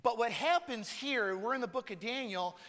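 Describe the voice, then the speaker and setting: A man's voice: extremely high pitch, animated, moderate pace, a bit bright. A man preaching a conversational sermon with casual joking asides and emphatic points, in a church. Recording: long reverb in a large hall.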